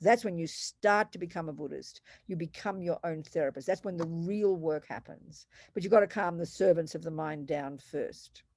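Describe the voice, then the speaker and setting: A woman's voice: fairly low pitch, moderate pace, few pauses, a little mellow, no echo, clean studio sound. A woman who is a Buddhist nun, teaching and answering questions in an emphatic, direct way. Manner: emphatic, direct, calls people sweetheart.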